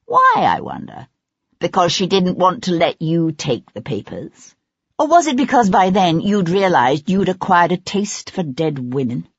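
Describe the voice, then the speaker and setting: A man's voice: high-pitched, sing-song, measured pace, breathy edge, no room sound, full character voice. Reader voicing a cold relentless nobleman. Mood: accusing. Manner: cold, probing, relentless accusation. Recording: slightly dull, dry lo-fi recording.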